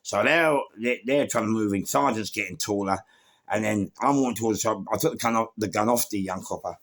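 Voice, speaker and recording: A middle-aged man with a London accent, telling his life story in an animated, rambling way, full of street slang and acted-out quotes. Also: lowish voice, brisk. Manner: acts out other people's lines, laughs at his own story.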